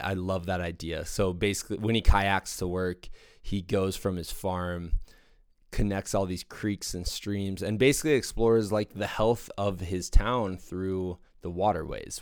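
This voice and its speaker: Young male podcast host, deep smooth voice, dry close sound, eager casual rambler. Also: dry recording. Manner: enthusiastic, rambling with fillers. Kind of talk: casual monologue.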